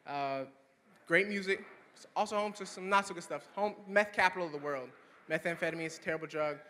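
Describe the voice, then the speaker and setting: Young man, stand-up comedian, high voice, animated storytelling, long hall reverb. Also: fairly quick, slight background noise. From Swannanoa, North Carolina. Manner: animated storytelling, acting out friends in higher voices. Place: campus performance hall.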